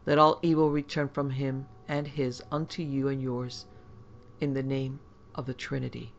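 A woman voicing a calm, learned older judge who speaks in a measured, solemn way in an audiobook reading. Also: very deep voice, lo-fi sound, slight background noise.

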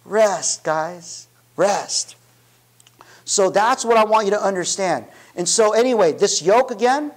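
A man with a very high voice preaches a sermon in a loose, conversational way. He keeps checking in with his listeners and restarts sentences as he thinks aloud. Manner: conversational preaching, frequent "right?" and "you know" asides; restarts and self-corrections. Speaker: pastor.

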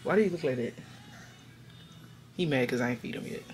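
A woman's voice: extremely low pitch, lively intonation, fairly quick, faint music behind. A woman filming a casual family vlog, chatty and laughing often, talking to her viewers from the car. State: out of breath. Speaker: vlogger. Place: car on the road.

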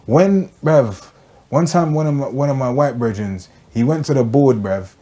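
A man's voice: mid-range voice, animated, moderate pace, warm tone. A young man with a London accent telling comic stories in slangy street talk, saying bruv at every turn. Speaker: storyteller. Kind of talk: comedic storytelling.

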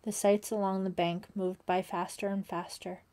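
In a steady, measured way, a woman with a mid-range voice reads scripted narration for an audiobook, telling the story.

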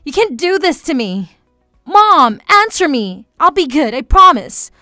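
Woman voicing a high bright pleading teenage girl. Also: sing-song, unhurried, no room sound, studio quality, faint music behind, exaggerated voice. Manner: pleading, tearful. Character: desperate teenage girl begging her mother.

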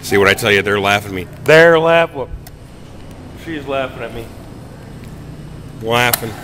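A man's voice: medium pitch, animated, moderate pace, fairly bright tone. A middle-aged man narrating a casual vlog from behind his camera, teasing friends in a mock-formal, playful way. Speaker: vlogger filming friends. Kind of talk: casual joking vlog commentary. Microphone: handheld camera. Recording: noisy handheld camera audio.

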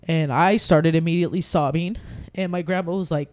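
A woman's voice: lowish voice, fairly even intonation, a little fast, darkish tone. Heartfelt woman talking about grief. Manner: heartfelt, rambling with frequent restarts. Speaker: podcast guest. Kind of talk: candid conversation about grief.

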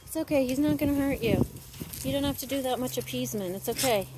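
A woman's voice: high voice, fast, background noise. A woman dog trainer giving casual commentary on two dogs at play, gushing and talking to them in a sing-song voice.

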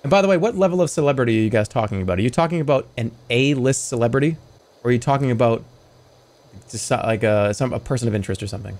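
A man's voice: mid-range voice, animated, rapid-fire, darkish tone. A man streaming a video game, chatting casually with viewers in a rambling, jokey way. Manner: jokey, rambling, slips into silly voices. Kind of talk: casual livestream chat while gaming.

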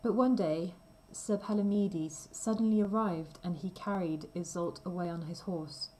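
A woman reading a simple storybook aloud slowly and clearly for language learners. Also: fairly low pitch, mellow, poor audio. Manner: careful, deliberate reading. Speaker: reader.

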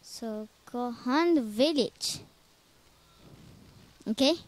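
A woman's voice: on the high side, drawn-out words. A woman commenting on a video game she plays, jumpy and nervous, talking to herself in slightly broken English. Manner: jumpy, nervous, talks to herself while playing; non-native English with small grammar slips. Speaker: gamer. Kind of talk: casual let's-play commentary.

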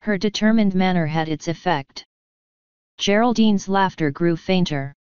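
A woman narrating an audiobook in a calm, even storytelling manner. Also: on the low side, unhurried, smooth, dry recording, dull audio. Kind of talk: scripted narration.

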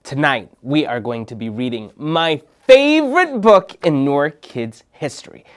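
A man's voice: on the high side, very animated, measured pace. A man from Minnesota hosting a children's show, telling a story dramatically and dropping into whispers for suspense. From Minnesota, United States. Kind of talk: storytelling for kids.

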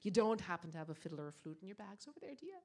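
A woman voicing a commanding old woman in a folk tale, lilting and imperious, dropping her pitch. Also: sing-song, very fast, a little mellow. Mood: coaxing.

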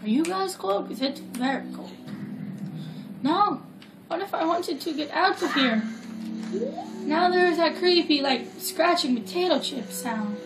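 Woman, casual gameplay commentary, chatty, joking, unhurried, roomy echo, game music behind. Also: sits high, expressive. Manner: rambling, chatty, jokey asides. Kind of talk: casual let's play commentary.

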